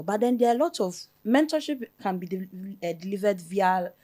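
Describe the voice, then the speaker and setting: A woman with a Ghanaian English accent, a software developer on a panel, answering thoughtfully and checking in with "You get it?". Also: medium pitch, expressive, brisk. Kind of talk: panel discussion.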